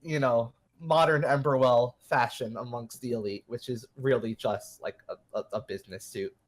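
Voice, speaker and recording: A man running a tabletop role-playing game as game master, halting and casual. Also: mid-range voice, steady tone.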